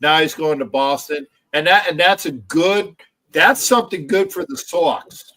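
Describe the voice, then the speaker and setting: Higher-voiced rambling male stream host. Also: unhurried, bright, forceful tone, slight background noise, low-quality recording. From Philadelphia area. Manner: rambling, restarts often, swears. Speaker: livestream host. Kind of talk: casual sports chat.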